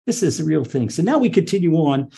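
Husky man giving an impassioned religious lesson. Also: on the high side, fast talker. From Israel. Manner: impassioned, animated, repeats words and restarts. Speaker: rabbi teaching Torah.

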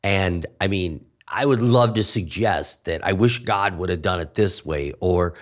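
A pastor with a low, deep voice talks in a podcast conversation. He leans hard on his points and gets lively and animated when he quotes others. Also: measured pace.

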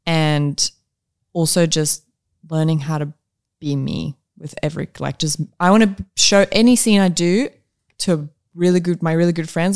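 A woman's voice: low-pitched, fairly even intonation, normal speed, gravelly, darkish tone, clear, resonant tone. Candid young woman. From South Africa. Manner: reflective, candid, talks through thoughts with fillers. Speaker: actress, podcast guest. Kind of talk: casual interview chat.

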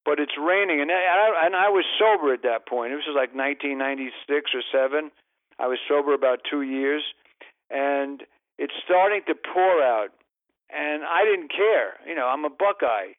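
A man's voice: on the high side, normal speed, dry recording, narrow, tinny audio. A man telling long comic anecdotes as a podcast guest, rambling and interrupting himself. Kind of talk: casual storytelling.

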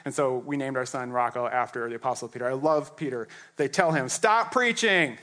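A man's voice: medium pitch, steady tone, fast talker. A man preaching a sermon as pastor, in a loose, joking, conversational way, acting out characters and laughing often.

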